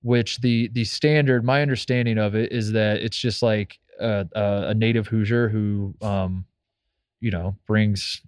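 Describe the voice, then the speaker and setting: Low-voiced rambling sports radio host. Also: male voice, steady tone, measured pace, clean tone, no room sound, studio quality. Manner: rambling, full of restarts. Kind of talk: casual sports talk.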